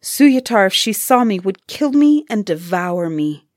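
A woman voicing a gentle, frightened young maiden in a storybook, pleading in a raised voice. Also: medium pitch, sing-song, unhurried, dry recording, studio quality.

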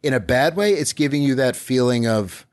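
A man's voice: mid-range voice, moderate pace, a little mellow. A man hosting a podcast, recapping an episode in casual chat and dropping into silly voices. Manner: playful, slips into silly voices while retelling scenes.

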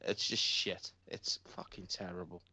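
A man's voice: low-pitched, level tone, a little slow, pushed and bright, dry recording. A man in casual chat, blunt and emphatic, swearing freely. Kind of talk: casual chat, wrestling predictions.

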